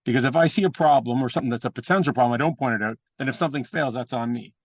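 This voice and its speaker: A man talks fast and bluntly as a wrestling guest, swearing freely and acting out the people in his stories. The sound is dry and a bit dull, like a lo-fi recording. He keeps the stories moving at a quick clip. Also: medium pitch, no room sound. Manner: animated anecdotes with mimicked voices; profane and blunt. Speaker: guest, pro wrestler and trainer. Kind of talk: casual storytelling interview.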